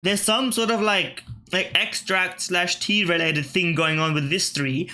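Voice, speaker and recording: A man hosting a gaming channel mutters through word puzzles in casual let's-play commentary, his voice a little high for a man and bright and sharp. He speaks a little slow with fairly even intonation, swearing offhandedly and leaving thoughts half-finished.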